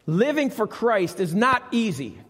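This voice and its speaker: Male preacher with a lively, reverberant voice. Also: high voice, a little slow, breathy edge. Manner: conversational, asks the congregation questions. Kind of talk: sermon. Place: church sanctuary. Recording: live church recording with long reverb.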